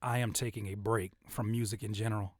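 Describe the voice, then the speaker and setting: A young man talking casually about making videos, animated and loose with plenty of restarts. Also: lowish voice, fast, dry recording, studio quality. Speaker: YouTuber and rapper giving creator advice. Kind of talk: casual livestream-style talk.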